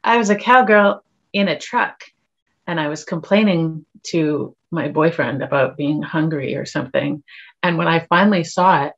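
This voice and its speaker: A woman's voice: deep voice, moderate pace, gravelly, husky, dull audio. A woman actor from Canada, a guest on a podcast, chatting casually and laughing at herself. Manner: laughs easily, self-deprecating. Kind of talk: casual interview chat.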